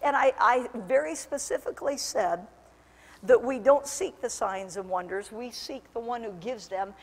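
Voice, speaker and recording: A woman pastor preaching a lively sermon, telling stories and building to fervent shouts. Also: on the high side, normal speed. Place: church sanctuary. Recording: long church hall reverb.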